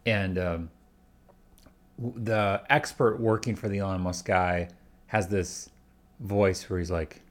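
Deep-voiced man in rambling chat. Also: steady tone, slow, long pauses. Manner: rambling, full of restarts and hedges. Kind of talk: casual chat.

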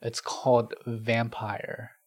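A man's voice: medium pitch, monotone, slow, a little mellow, husky, dry recording. A man in casual chat, talking hesitantly with lots of fillers and casual swearing.

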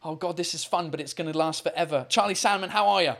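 A man with a fairly high, gravelly, fairly bright voice talks fast while hosting a live video call show. He chats upbeat with callers, frequently stumbling and repeating words, and is recorded on a computer mic during the call.

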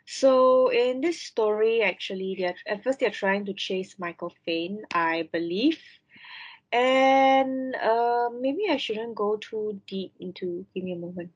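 A woman on a podcast recapping a TV series, halting with frequent ums. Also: mid-range voice, breathy edge, poor audio. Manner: hesitant, many ums and restarts. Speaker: podcast co-host. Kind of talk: casual chat, recapping a show.

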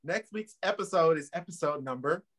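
Man, podcast co-host, emphatic, motivational, higher-pitched voice. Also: a little fast, a bit bright. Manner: emphatic, motivational, laughs easily. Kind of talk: casual podcast chat.

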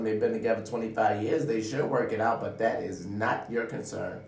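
A man delivering a profane, preachy motivational monologue straight to his viewers, often calling out "ladies and gentlemen.". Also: medium pitch, recorded from a distance. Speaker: vlogger giving life advice. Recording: roomy sound, away from the mic.

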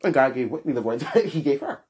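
A man hosting a solo podcast, giving blunt, sassy opinions with big swings in pitch. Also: expressive, fast, darkish tone. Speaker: podcast host.

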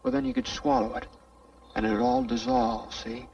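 A man's voice: mid-range voice, wildly swooping pitch, moderate pace, creaky, a little mellow, distant mic, heavily acted, poor audio. An actor playing an eager young man courting a woman, talking in a wavering, boyish way, heard from an old film soundtrack. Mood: dreamy, eager.

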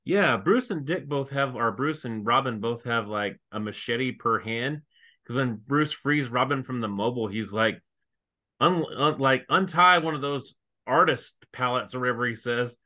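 A man's voice: mid-range voice, normal speed, sharp tone. A man co-hosting a podcast, recapping a TV episode in casual chat and making wry, jokey asides. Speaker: podcast co-host.

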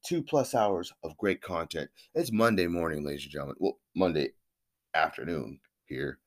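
A man's voice: deep voice, moderate pace. A man hosting his own podcast alone, talking in a rambling, profane, hyped-up way. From Northern California. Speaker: podcast host. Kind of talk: casual solo podcast monologue.

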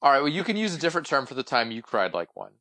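Man, young adult, podcast co-host, blunt, swears freely, lively pitch. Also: racing. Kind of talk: casual podcast banter.

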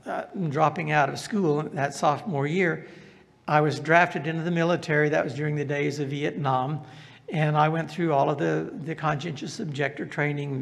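An older man with a Southern US accent tells his testimony, now and then turning to ask his listeners a question. His voice is a bit high for a man and gravelly. The sound carries a long hall reverb. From American South. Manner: storytelling, asks the audience questions. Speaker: speaker giving a testimony. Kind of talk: personal testimony talk.

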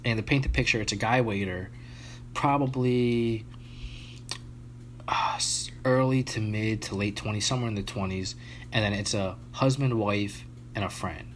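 A man's voice: fairly low pitch, steady tone, moderate pace, slight background noise. A man telling a long story in casual chat among friends on a podcast, with frequent restarts and fillers.

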